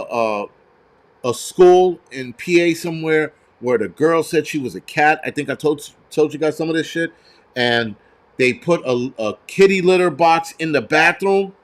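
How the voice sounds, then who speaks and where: A man hosting a show, ranting heatedly with lots of swearing and stumbling restarts. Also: on the high side. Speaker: host. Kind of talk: profane ranting commentary.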